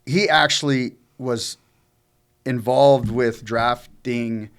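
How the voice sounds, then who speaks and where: A man's voice: mid-range voice, steady tone, takes it slowly, smooth. A man telling a long personal story in casual chat, rambling and profane, with many fillers and restarts. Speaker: co-host telling his own story.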